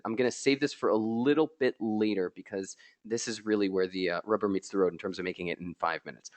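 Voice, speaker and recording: A man hosting a live software tutorial, excitable and chatty, joking with his viewers, a little tired from being ill. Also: fairly low pitch, a little fast, few pauses. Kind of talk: live screen-share tutorial.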